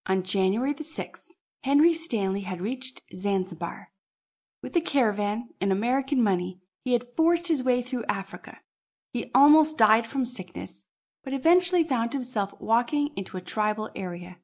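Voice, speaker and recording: A woman hosting a church history podcast, narrating from a script in a measured, explanatory way. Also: on the high side, lively intonation, darkish tone. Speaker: podcast host.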